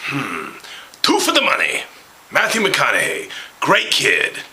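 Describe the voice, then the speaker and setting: A man doing a brash, gravelly aging movie star. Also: mid-range voice, huge pitch swings, unhurried, exaggerated voice, low-quality recording. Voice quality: gravelly, with sudden shouted outbursts and whispers. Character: brash raspy aging male movie star, crude and flirty. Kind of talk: comedic celebrity impression.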